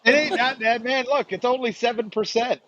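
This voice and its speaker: A man's voice: very high voice, fairly even intonation, fairly quick, crowd noise. A man in a casual live stream chat who laughs often and swears freely. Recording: dull lo-fi stream audio.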